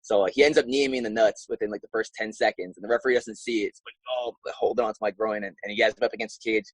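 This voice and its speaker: A young man and professional fighter telling his story in a casual interview, animated and acting out his own past reactions. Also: on the low side, very fast, husky, dry recording, low-quality recording.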